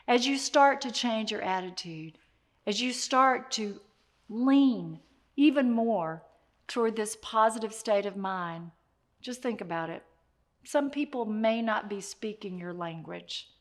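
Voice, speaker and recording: A woman giving a motivational talk, speaking straight to the listener in an animated way and repeating her key phrases. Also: mid-range voice, slow.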